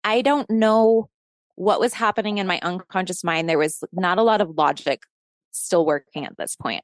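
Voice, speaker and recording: A woman in her thirties telling a personal story in a casual interview, animated and profane, laughing often and acting out shouted quotes. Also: fairly low pitch, dry recording, studio quality.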